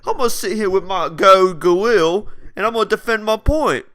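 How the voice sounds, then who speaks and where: A man's voice: sits high, brisk, fairly bright tone. Brash young man ranting over gameplay. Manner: brash, ranting, crude and mocking. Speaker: gameplay commentator. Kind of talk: casual game commentary.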